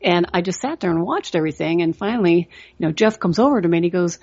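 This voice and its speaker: A woman's voice: fairly low pitch, lively intonation, quick pace, darkish tone, husky, muffled recording. Earnest middle-aged woman podcast host. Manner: earnest storytelling, frequent "you know" fillers. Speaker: trading coach and podcast host. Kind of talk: motivational podcast talk.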